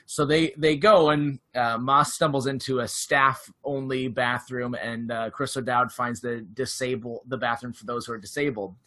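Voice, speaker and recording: A man co-hosting a podcast, casually retelling a TV episode in an animated way and laughing often. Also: mid-range voice, moderate pace, few pauses. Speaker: podcast co-host. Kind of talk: casual chat.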